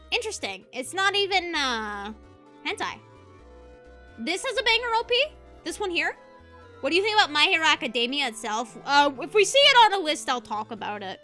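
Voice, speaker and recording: A woman's voice: sits high, sharp tone. A young woman streaming as a VTuber, ranting passionately in casual commentary and laughing easily.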